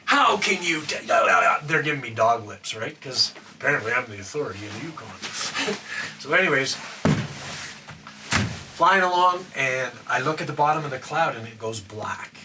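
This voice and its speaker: With a medium-pitched voice at a moderate pace, a former wildland firefighter, an older man from Canada, spins a loose, casual story packed with fillers and acted quotes. The recording comes from a far-off mic over steady background noise.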